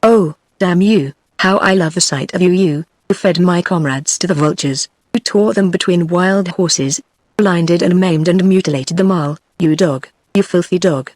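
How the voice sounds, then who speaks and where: A text-to-speech voice of a woman with a British English accent, reading the lines of a savage, vengeful barbarian warrior in an even audiobook tone. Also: on the low side, normal speed, dry recording, lightly acted. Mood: furious.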